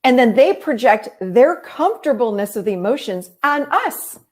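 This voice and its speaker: Her voice fairly high and her pace moderate, a woman therapist and life coach explains in an easygoing, conversational style. She brings stories to life by acting out the voices of people she's quoting.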